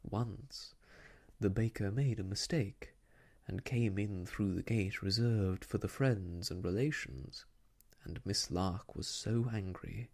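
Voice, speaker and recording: A man giving a soft ASMR story reading, gentle and slow, sometimes sinking into a whisper. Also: lowish voice, slightly rough.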